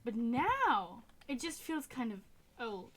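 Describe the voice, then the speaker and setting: A woman's voice: fairly high pitch, very animated, slow pace, a bit bright, slight background noise. A young woman in her twenties streaming a game, chatting casually in a rambling, self-correcting way and laughing often. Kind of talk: casual gaming stream chat. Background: game music and keyboard typing.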